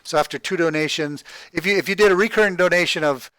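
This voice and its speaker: Halting, rambling man thinking aloud. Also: a little high, pushed and bright, no echo. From Texas, USA. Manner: halting, repeats words, thinks aloud, tags "right?". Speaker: crowdfunding project vlogger. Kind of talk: rambling screen-share walkthrough.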